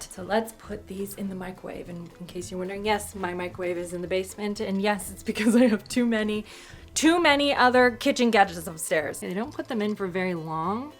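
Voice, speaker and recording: Chatty excitable woman cooking on camera. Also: mid-range voice. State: out of breath. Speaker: cooking vlogger. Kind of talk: casual cooking vlog.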